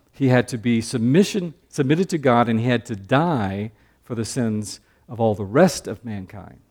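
A man preaching a Bible lesson in a mid-range voice, neither high nor low. He works up to loud, fervent emphasis, then drops into quiet, chatty asides aimed at his listeners. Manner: conversational with joking asides to the audience. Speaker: Bible teacher. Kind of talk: sermon-style Bible teaching.

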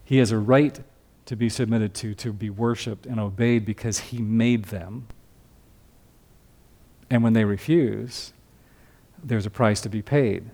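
A man's voice: medium pitch, warm tone. An older man preaching a sermon as a pastor, teaching from scripture in a conversational way and asking the congregation questions.

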